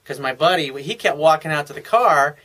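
Confident male dating coach, bright and slightly high voice, cocky and profane, rambling storyteller. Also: animated, brisk. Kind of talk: casual advice monologue.

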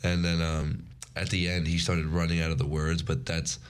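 A man's voice: low voice, flat delivery, normal speed, clean tone. A young man co-hosting a college radio show, chatting casually in a laid-back, slangy, rambling way. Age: young adult. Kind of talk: casual chat.

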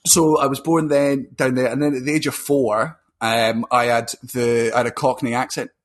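A young man from Scotland with a Fife accent, a comedian guest telling sweary, animated anecdotes in casual podcast chat. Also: mid-range voice, moderate pace. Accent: Scottish, Fife. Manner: sweary storytelling with acted-out quotes.

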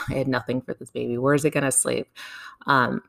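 A woman casually telling a personal story to her viewers, animated, laughing often and swearing now and then. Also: extremely low pitch, a little fast, vocal fry.

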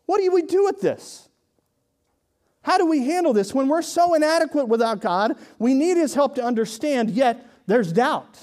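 High-voiced pastor preaching with emphasis. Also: male voice, very animated, measured pace. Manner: conversational preaching, swings from hushed to emphatic. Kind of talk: sermon.

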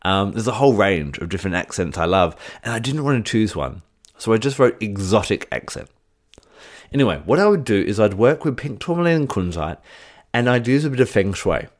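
A man's voice: on the low side, very animated, brisk. A middle-aged man teaching in a casual, chatty way, with light joking asides. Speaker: crystal teacher. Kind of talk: casual teaching chat to camera.

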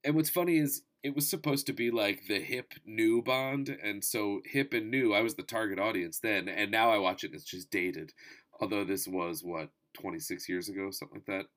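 A man in his thirties talking casually about movies, with wry asides, swearing, and sudden animated jumps in pitch and volume. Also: moderate pace. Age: 30s. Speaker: movie reviewer. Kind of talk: casual spoken movie review.

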